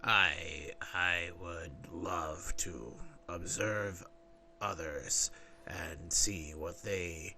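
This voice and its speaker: A man voicing a gruff adult man who talks in halting, clipped, broken phrases. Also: low voice, fairly even intonation, bright, forceful tone, a little hiss or hum, heavily acted. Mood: earnest.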